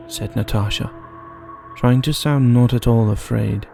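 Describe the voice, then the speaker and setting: A man narrating a fairy tale in measured storytelling style. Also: mid-range voice, vocal fry, warm tone, faint music behind.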